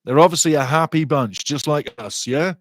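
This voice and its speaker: Middle-aged man, live watchalong commentary, chatty and excitable, slightly high voice, close dry mic. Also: moderate pace, dry recording. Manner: excitable, chatty, rises in pitch and volume on attacking play. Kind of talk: live fan commentary with chat reading.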